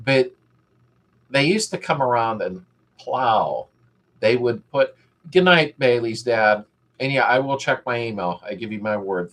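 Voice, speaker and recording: A middle-aged man hosting a casual live stream, rambling as he reads viewers' comments aloud and greets them by name. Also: on the low side.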